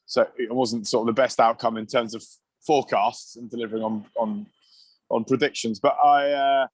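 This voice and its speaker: A middle-aged man spins long, rambling stories in a relaxed podcast chat, full of restarts and chuckles. His voice sits at a middle pitch. It is recorded close and dry, with no room sound. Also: normal speed, breathy edge, no room sound. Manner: rambling anecdotes with many restarts and laughs. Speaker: guest, former rugby player. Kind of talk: casual storytelling chat.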